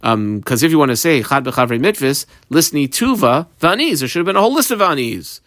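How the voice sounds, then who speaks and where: A man's voice: medium pitch, sing-song, a little fast, a bit bright, no room sound, clean studio sound. A man teaching a Talmud page step by step, mixing Aramaic and Hebrew terms into plain English explanation. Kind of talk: page-by-page Talmud study lesson.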